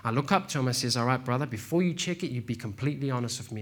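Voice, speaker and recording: A man preaching a sermon in a relaxed, slangy way, telling stories and calling listeners "man" and "bro". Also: medium pitch, very fast. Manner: laid-back, slangy, says "man" and "bro". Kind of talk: casual sermon with storytelling.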